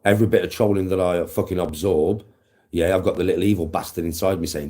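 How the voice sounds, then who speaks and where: A man's voice: low voice, fairly even intonation, quick pace, mellow. A man livestreaming to his chat, talking intensely and emphatically with a lot of swearing.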